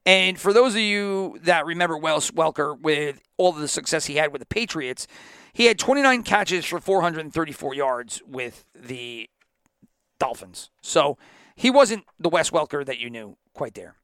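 A man's voice: fairly high pitch, lively intonation, normal speed, sharp tone, clean tone, no echo, clean studio sound. A man hosting a sports podcast in an opinionated, ranting monologue, sometimes laughing at himself. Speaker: podcast host.

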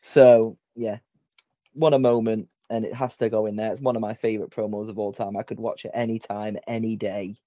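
A man telling a wrestling story in casual podcast chat, acting out the quotes with lively energy. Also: on the low side, fairly quick, no echo. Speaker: podcast co-host. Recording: dull lo-fi podcast audio.

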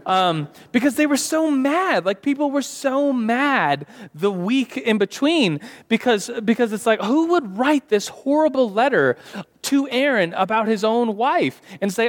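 A man's voice: sits high, lively intonation, a little slow. A young man teaching a church Sunday school class in a casual, chatty way, full of fillers and restarts. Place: church hall. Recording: long hall reverb.

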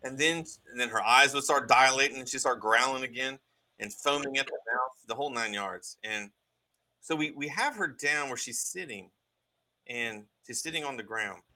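A man telling a story in casual conversation, animated, with many restarts and asides. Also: medium pitch, normal speed. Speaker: guest recounting a deliverance.

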